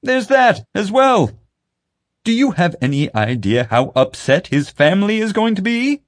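A man voicing a vain, pompous male head of public relations who turns shrill and loud when angry. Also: sing-song, measured pace. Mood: flustered.

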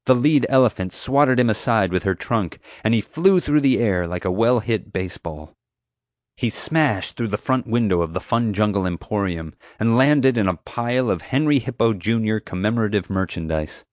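A man reading first-person scripted narration as an audiobook narrator, with lively storytelling. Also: on the low side, moderate pace, dry recording, studio quality.

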